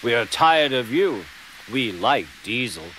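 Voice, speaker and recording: Three proud, indignant big engines, as a man acts them out, hissing their resentment. The delivery is slow and the pitch swings widely. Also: very animated, fairly bright tone, rough recording. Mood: resentful.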